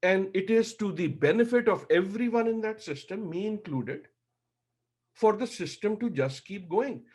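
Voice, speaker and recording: A man's voice: sits high, expressive, normal speed, a little mellow, husky. A middle-aged man giving impassioned panel remarks, emotional and emphatic, hammering points through repetition.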